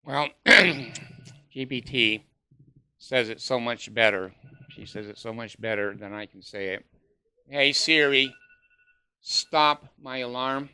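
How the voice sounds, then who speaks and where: Rambling, cussing man with a piercing, crisp voice. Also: mid-range voice, takes it slowly, pauses often, sharp tone, no room sound. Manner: rambling, hesitant, swears freely. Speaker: vlogger. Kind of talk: rambling casual monologue.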